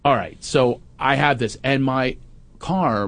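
Speaking a little slowly, a middle-aged man tells a family story in casual chat, acting out his teenage son with high, shouted lines.

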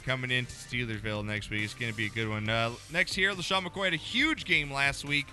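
Bright-voiced male sports show host. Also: mid-range voice, steady tone, soft background music. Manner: brisk, joking, running the segments. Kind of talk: casual sports chat.

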